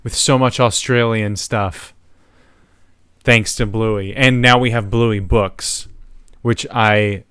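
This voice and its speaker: A man's voice: on the low side, steady tone, slow pace, fairly bright tone, clear, resonant tone, no room sound. A man and father co-hosting a casual comedic podcast, tossing out dry, sarcastic quips. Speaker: podcast co-host.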